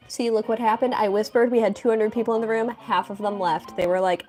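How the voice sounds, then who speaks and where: A woman's voice: on the high side, quick pace, hardly any pauses, a little mellow, faint music behind. A young woman chatting playfully with viewers as she draws on a live stream, answering questions and teasing her chat. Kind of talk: casual live-stream chat while drawing.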